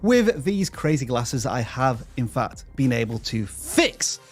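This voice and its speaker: A man's voice: mid-range voice, very animated, takes it slowly, breathy edge, soft background music. A man hosting a livestream, chatty and joking as he greets viewers by name. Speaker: livestream host. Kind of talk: upbeat livestream chat.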